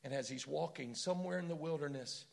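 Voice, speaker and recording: A man's voice: fairly high pitch, fast talker, creaky. A man preaching a sermon with impassioned storytelling and rhetorical questions.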